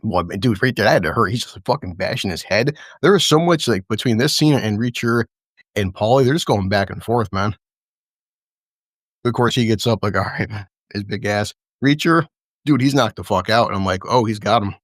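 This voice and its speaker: Excitable profane man recapping a fight. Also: on the low side, a little fast, no room sound, clean studio sound. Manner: excited, profane, laughing play-by-play. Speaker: show host. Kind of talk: casual recap chat.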